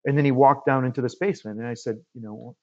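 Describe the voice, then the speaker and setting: A man from Canada, a guest medium, telling a story in casual conversation and acting out the dialogue with lively quoted voices. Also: mid-range voice, fast talker, lo-fi sound. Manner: animated storyteller who acts out quoted dialogue.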